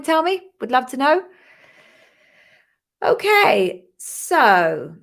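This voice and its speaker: A woman hosts a live online Q&A as an interview coach. She talks in a chatty, welcoming way, teasing herself and greeting viewers. Her voice sits at a middle pitch. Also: a bit bright. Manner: chatty, welcoming, self-deprecating. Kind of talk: live-stream casual chat.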